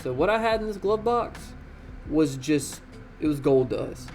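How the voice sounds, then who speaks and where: A young man telling a casual, slangy story in an animated way, swearing freely. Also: a little high, unhurried, soft background music.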